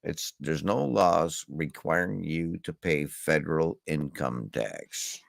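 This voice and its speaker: A man's voice: very deep voice, expressive, takes it slowly, vocal fry, no room sound, studio quality. A man in his sixties in a casual, argumentative chat, blunt and profane, laughing often. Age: 60s. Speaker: co-host.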